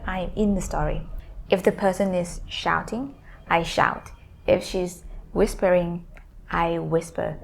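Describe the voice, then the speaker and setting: Gravelly-voiced woman teaching language tips. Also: fairly low pitch, slight background noise. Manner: explains simply with repeated examples. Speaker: language-learning YouTuber. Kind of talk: casual teaching to camera.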